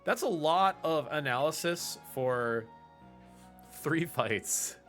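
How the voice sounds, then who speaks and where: A man's fairly bright voice, on the high side, moves slowly and expressively as he talks through game routing on a live speedrun stream. He has an American Pacific Northwest accent and uses fillers and self-corrections in this long, casual commentary, with faint music in the background.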